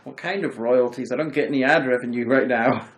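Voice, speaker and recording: A man hosting a film review chat, retelling the plot in a rambling, animated way. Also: medium pitch, fairly quick, low-quality recording. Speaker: host of a film review show. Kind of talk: casual chat about a film.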